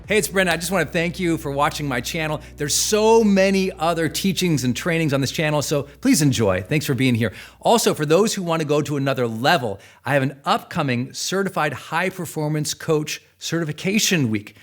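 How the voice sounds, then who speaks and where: A man's voice: a little high, animated, brisk, hardly any pauses, soft background music. A middle-aged man, a personal development coach, giving an emphatic motivational class lecture and repeating his key points.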